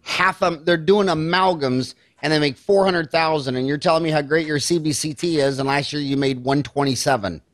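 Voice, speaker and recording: An older man from Kansas hosting a podcast interview, asking blunt, animated questions. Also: on the high side, brisk, few pauses, dry recording. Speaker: podcast host. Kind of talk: casual interview.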